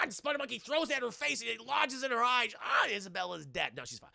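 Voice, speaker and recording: A man streaming live, recapping a movie scene by scene, animated and profane, acting out the scenes. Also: on the high side, fast, vocal fry, no room sound, clean studio sound.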